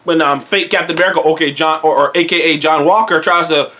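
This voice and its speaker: A man's voice: fairly high pitch, fairly even intonation, fast, pushed and bright. A young man casually reviewing a TV episode, rambling and swearing freely. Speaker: TV show reviewer.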